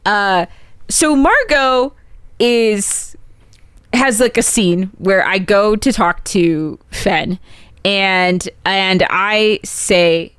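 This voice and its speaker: A woman in a casual podcast chat, rattling off what happened in a scene with a string of "like"s and quick asides. Her pitch sits in the middle of the female range, and the sound is dry and close with no room around it. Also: a bit bright, clear, resonant tone, no room sound. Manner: quick, chatty retelling full of "like". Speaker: podcast co-host.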